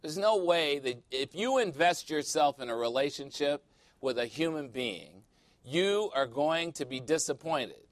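An animated male pastor preaches with a slightly high voice, telling stories and slipping into playful quoted voices. The sound is dry and close, with little room around it. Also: measured pace, dry recording. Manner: animated storytelling, quotes people in voices, laughs often. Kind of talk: sermon.

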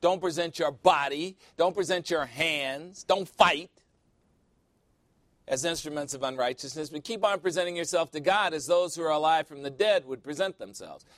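An animated male pastor preaches with a slightly high voice, telling stories and slipping into playful quoted voices. The sound is dry and close, with little room around it. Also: moderate pace, dry recording. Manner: animated storytelling, quotes people in voices, laughs often. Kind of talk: sermon.

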